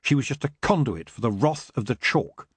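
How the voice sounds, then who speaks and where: A man narrating an audiobook in an expressive, dramatic reading. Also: medium pitch, normal speed, slightly rough, no echo.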